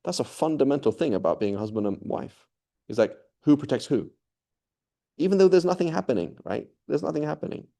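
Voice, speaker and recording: A man's voice: on the high side, lively intonation, a little fast, gravelly, warm tone. A man giving a casual religious talk in a conversational way, often checking in with the listener and acting out quoted dialogue. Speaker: religious teacher.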